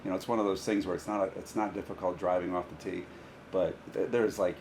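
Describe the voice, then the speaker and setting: Deep-voiced guy coaching golf, chatting on a podcast, laughs thru his own stories, noisy audio. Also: flat delivery, fast. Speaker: high school golf coach. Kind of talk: casual podcast storytelling.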